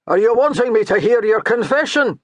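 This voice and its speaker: A woman narrator voicing a gruff, mocking male priest with a thick Scottish brogue. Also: on the high side, lively intonation, a little fast, dry recording, voice pushed up. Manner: baiting, scolding, dour.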